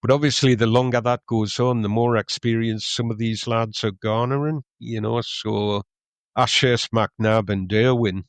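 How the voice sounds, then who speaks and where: A man's voice: mid-range voice, fairly even intonation, a little slow, no room sound. A middle-aged man, chatting on a podcast, rambling with lots of ums and restarts. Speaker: podcast co-host, club historian. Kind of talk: casual podcast chat.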